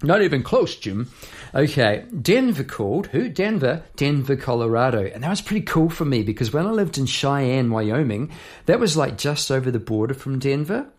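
A man's voice: medium pitch, big pitch swings, normal speed, a little mellow. A songwriter talks through his lyrics line by line in a loose, conversational way. The man often drifts into side stories and keeps checking in with "eh?" and "yeah?". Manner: chatty and rambling, full of asides and tag questions. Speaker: songwriter hosting an episode. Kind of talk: casual explanation of song lyrics.

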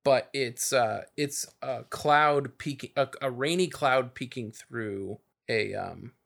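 Man, podcast co-host, casual chat, bright tone, rambling, lots of ums. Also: mid-range voice, slow pace, vocal fry. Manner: rambling, many fillers and restarts.

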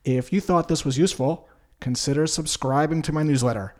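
A man explaining a sales technique in a calm, conversational lesson with measured pauses. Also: a little high. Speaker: sales trainer.

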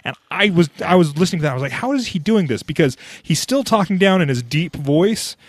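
A man's voice: fairly high pitch, expressive, fast, dry recording. A man hosting a podcast, chatting casually and often restarting his sentences. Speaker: podcast host. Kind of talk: casual chat.

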